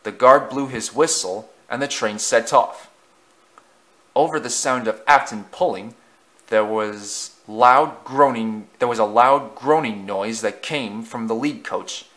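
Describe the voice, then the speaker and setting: A man's voice: medium pitch, a little slow, a bit bright. A man narrating a storybook as an amateur reader, with frequent slips and self-corrections.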